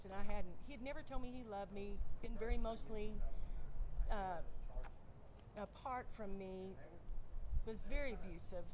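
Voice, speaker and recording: A woman's voice: fairly high pitch, dull audio, background noise. A woman guest sharing a personal faith testimony in conversation, earnest, often acting out her own past dialogue. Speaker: interview guest. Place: outdoors on a bench.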